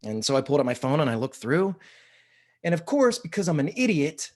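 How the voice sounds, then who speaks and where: Self-deprecating male storyteller. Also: on the high side. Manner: self-deprecating, animated, halting restarts. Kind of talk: comic live storytelling.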